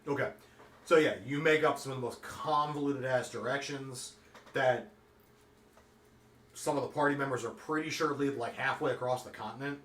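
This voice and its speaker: Relaxed man running a tabletop game. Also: mid-range voice, moderate pace, a little hiss or hum. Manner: relaxed, with many fillers. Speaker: game master. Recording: echoey room, far from the mic.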